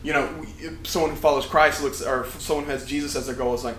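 A man's voice: mid-range voice, steady tone, fast talker, fairly bright tone, slight background noise. A young man preaching a casual sermon to a campus ministry, often restarting and correcting himself. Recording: echoey room with faint ambience.

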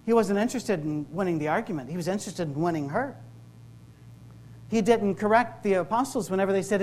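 A man's voice: high-pitched, darkish tone, slight background noise. Joking Scottish preacher, middle-aged man. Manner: conversational and joking, with quick asides. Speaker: campus ministry speaker. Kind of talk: humorous sermon-style talk. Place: workshop room with a live audience.

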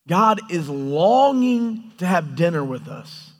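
A man preaching a sermon, animated and storytelling, often acting out quoted lines. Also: sits high, slow pace. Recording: hall reverb.

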